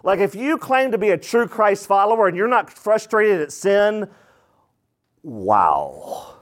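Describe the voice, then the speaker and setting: A man preaching a sermon as pastor, animated, asking the congregation rhetorical questions and acting out quoted voices. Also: high voice, normal speed.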